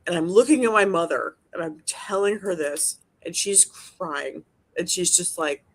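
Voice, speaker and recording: A woman's voice: fairly low pitch, unhurried. Give me a woman podcast host in casual chat, emotional and profane.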